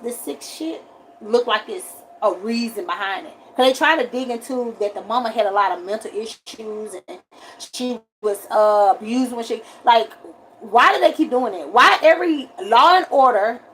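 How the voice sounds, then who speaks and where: Woman livestream host, high voice, casual animated rant, repeats herself, light background noise. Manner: animated, repetitive complaining, rising to shouts. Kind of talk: casual ranting monologue.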